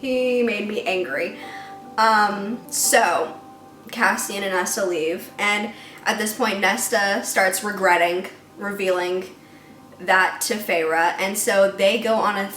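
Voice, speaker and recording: A woman's voice: medium pitch, takes it slowly, fairly bright tone, recorded from a distance. A woman giving a casual, ranting book review, chatty and worked-up, with lots of "like"s. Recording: echoey room with music behind.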